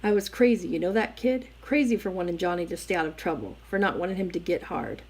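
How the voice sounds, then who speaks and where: A woman voicing a tough, reckless teenage boy in a gang in a storybook reading, talking hard, gruff and impatient. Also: lowish voice, lively intonation, fast talker, a little mellow, low-quality recording. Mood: raving.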